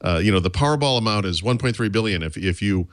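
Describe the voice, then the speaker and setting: Wry, lively man co-hosting a podcast. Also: lowish voice, fast, no room sound. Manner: wry, sardonic. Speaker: podcast co-host. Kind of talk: casual tech chat.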